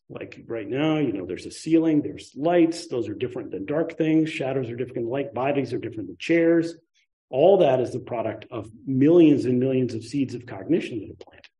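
Guy giving a laid-back buddhist talk, mellow voice that swings up and down a lot, jokey asides. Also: medium pitch, rough recording. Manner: animated, conversational, with playful asides. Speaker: Buddhist teacher. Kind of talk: casual dharma talk.

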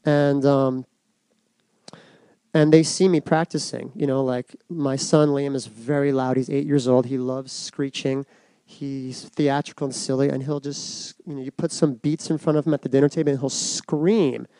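A middle-aged man giving a reflective personal talk to an audience, soft and unhurried with many pauses. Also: mid-range voice, fairly even intonation, smooth, dry recording. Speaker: speaker giving a dharma talk.

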